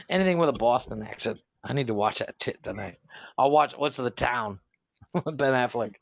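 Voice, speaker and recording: A man co-hosting a comedy podcast, bantering crudely and laughing loudly at his own jokes. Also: medium pitch, expressive, a little slow, gravelly, pauses often, no echo. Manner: loud laughing, jokey. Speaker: podcast co-host.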